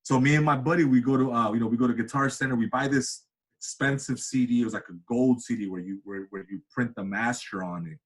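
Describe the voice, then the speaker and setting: Husky man telling a lively story. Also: fast talker. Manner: animated, acts out quoted voices with big pitch jumps. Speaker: interview guest, comedian and cinematographer. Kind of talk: casual storytelling.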